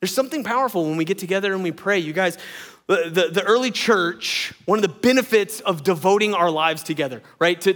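A pastor preaching a sermon in a conversational, animated way, with teasing asides. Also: male voice, sits high.

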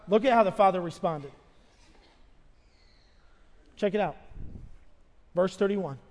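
A man's voice: high-pitched, normal speed, long pauses. A man in his thirties preaching a sermon as pastor, pleading and impassioned, his voice carried through a church sanctuary. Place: church sanctuary with long reverb. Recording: long hall reverb.

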